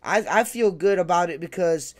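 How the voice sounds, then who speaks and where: A man's voice: high-pitched, normal speed, very noisy. A man co-hosting a casual podcast, teasing his friend with profane banter and frequent laughs. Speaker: podcast co-host.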